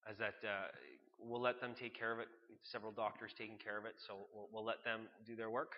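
A man leading a spoken prayer in church, soft and halting, with fillers between phrases. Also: fairly low pitch, little pitch movement. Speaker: pastor. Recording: dull sound, long reverb in a large room.

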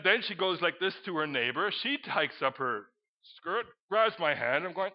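A middle-aged man preaching a sermon, telling a story and breaking into loud exclamations. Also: high voice, animated, normal speed. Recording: dull lo-fi recording.

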